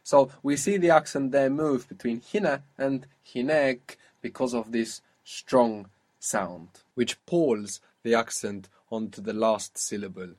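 A man's voice: mid-range voice, measured pace, a little mellow. A man teaching an Arabic lesson, patiently quizzing a student and modelling how words are pronounced. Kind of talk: spoken language lesson.

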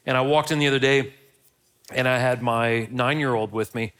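A man's voice: mid-range voice, fairly even intonation, moderate pace, a bit bright, clean tone. A middle-aged man, a pastor opening his sermon with a chatty, self-deprecating story before moving into the teaching.

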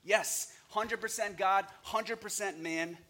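A man's voice: high voice, slow pace, bright, forceful tone. A man preaching an earnest, scripture-quoting sermon on a church stage. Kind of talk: competitive sermon.

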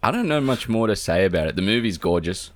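A man's voice: on the low side, sing-song, fast talker, no echo. A young man on a podcast, talking casually in a rambling, hesitant way. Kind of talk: casual chat.

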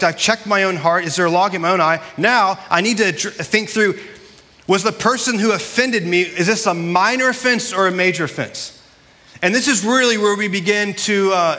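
Pastor, male, fairly high and bright tone; earnest conversational sermon delivery in a reverberant sanctuary. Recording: long hall reverb.

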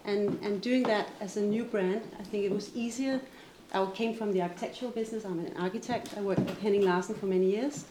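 A woman's voice: medium pitch, fairly even intonation, fast. A woman from Denmark, a jewelry brand founder, answering earnestly on a live panel. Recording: echoey event hall with faint noise.

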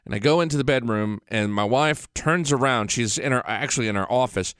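A man's voice: medium pitch, brisk, a bit bright, clear, resonant tone, dry recording. Rambling, swearing male radio host. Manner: rambling, profane, conversational. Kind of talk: casual radio monologue. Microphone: radio studio mic. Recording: dry close studio sound.

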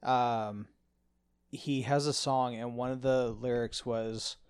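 A man's voice: medium pitch, steady tone, slow pace, darkish tone, smooth, dry recording. A young man talking casually on a podcast in a dry, close sound. He swears freely and breaks into laughter. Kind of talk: casual chat.

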